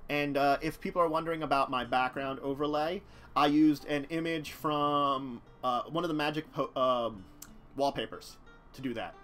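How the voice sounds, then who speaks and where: A man's voice: fairly high pitch, steady tone, normal speed, a bit bright, faint music behind. A man casually commenting on a live stream about a card-game deck, rambling and talking to his chat. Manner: rambling, chatty, talks to chat, chuckles.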